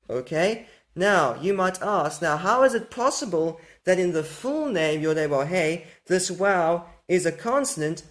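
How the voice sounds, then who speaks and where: A man giving a patient, explanatory lecture on Hebrew grammar, often asking rhetorical questions and checking that listeners follow. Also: high-pitched. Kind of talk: explanatory lecture over slides.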